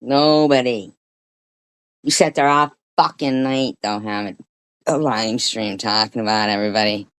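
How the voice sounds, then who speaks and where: A woman streaming an angry reaction, scolding and swearing in a profane rant, with frequent throat clearing. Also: extremely low pitch, fairly even intonation, moderate pace, fairly bright tone, dry recording.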